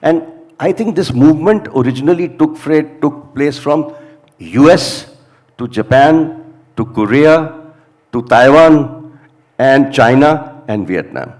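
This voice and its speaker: A man's voice: fairly high pitch, expressive, takes it slowly, darkish tone. A man answering firmly as a panelist in a discussion. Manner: emphatic, firm opinions.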